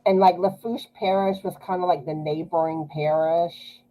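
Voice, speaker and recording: A woman with a South Louisiana Cajun accent hosts a knitting live stream, chatting casually, laughing often, and drawing out her filler words. Her low-leaning, mellow voice stays fairly even in intonation, and the recording quality is low.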